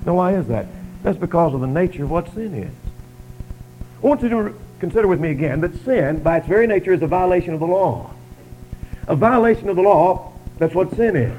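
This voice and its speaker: A preacher delivers his sermon in a slightly higher man's voice. He leans hard on rhetorical questions, pushing some lines loud and dropping others low. The sound carries the flat color of a radio broadcast. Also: brisk, lo-fi sound. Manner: emphatic rhetorical questioning, rising and falling loudness.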